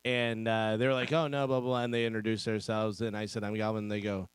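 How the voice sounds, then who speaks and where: A male radio regular with a smooth, resonant voice, recounting things in a plain, matter-of-fact way. The recording is dry and close, from a studio. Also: fairly low pitch, little pitch movement, fast talker, dry recording. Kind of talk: casual radio banter.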